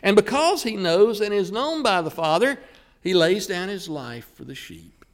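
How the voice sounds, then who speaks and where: A man preaching a sermon, who slows down and leans hard on the words he wants to stress. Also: sits high, animated.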